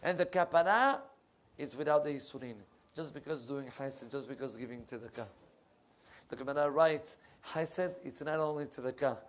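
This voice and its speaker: Impassioned rabbi preaching a sermon. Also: male voice, mid-range voice, moderate pace. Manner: impassioned, rising loud when telling stories, dropping to soft asides; searches for English words mid-sentence. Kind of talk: sermon with storytelling. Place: synagogue.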